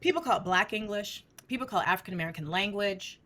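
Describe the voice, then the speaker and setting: A woman's voice: mid-range voice, lively intonation, fast, bright, forceful tone. A middle-aged woman researcher, a guest in an interview, explaining her field in an emphatic, teacherly way. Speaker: speech language researcher, guest.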